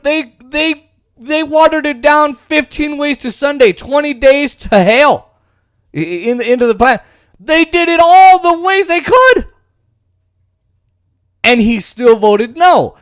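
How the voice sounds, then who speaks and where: A man with a rather high voice hosts a casual political commentary. He rambles, restarts and turns sarcastic, and the recording is dry and close. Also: clear, resonant tone, dry recording.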